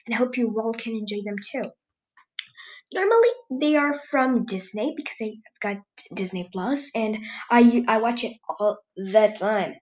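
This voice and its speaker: A woman's voice: fairly high pitch, poor audio. A teenage girl hosting a solo podcast in casual chat, who giggles often, keeps losing her thread and fills gaps with "um" and exclamations. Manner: exclamations and filler "um"s. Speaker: podcast host.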